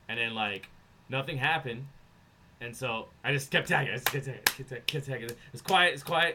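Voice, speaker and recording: A man co-hosting a podcast, telling a long story in casual chat, profane and animated, acting out other people's lines. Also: mid-range voice, fairly quick, slight background noise. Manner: profane, animated, acts out voices in anecdotes. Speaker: podcast co-host.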